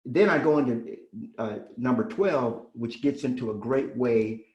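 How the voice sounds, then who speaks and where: A man coaching a room of trainees with preacher-like emphasis, hammering home each point and repeating it. He acts out both sides of client conversations in a voice of middling pitch, and the recording carries a roomy echo. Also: unhurried, darkish tone, highs cut off. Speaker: real estate sales trainer. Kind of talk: energetic sales training talk.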